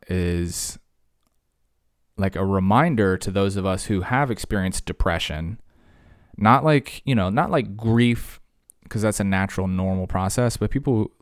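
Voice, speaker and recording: A man with a very low voice talks in a loose, rambling way, leaning on fillers and then rising into animated bursts. He teaches high school English and grew up in Virginia. The recording is close and dry, with no room sound. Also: no room sound. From Virginia, USA. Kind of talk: casual conversation.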